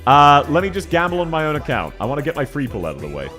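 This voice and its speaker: A man's voice: fairly high pitch, huge pitch swings, over music. A young man with an Australian accent, a VTuber streamer chatting playfully with viewers while he plays a game. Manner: playful, teasing, quick to laugh. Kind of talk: casual livestream commentary.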